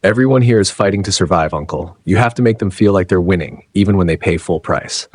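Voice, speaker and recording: A streetwise teenage vendor girl gives direct, coaching advice, voiced by a man. The voice stays low and husky. It is recorded close and dry. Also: brisk, dry recording.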